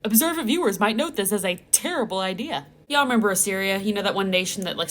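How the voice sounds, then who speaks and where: A woman's voice: mid-range voice, a little hiss or hum. A woman hosting a comedic Bible recap vlog, talking in a sarcastic, playful way full of exaggerated asides. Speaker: host.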